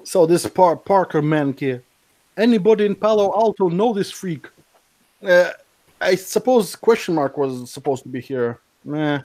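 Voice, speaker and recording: A man's voice: high-pitched, expressive, measured pace, darkish tone. A man co-hosting a podcast, reading social media posts aloud with mocking asides and many fillers. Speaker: podcast co-host.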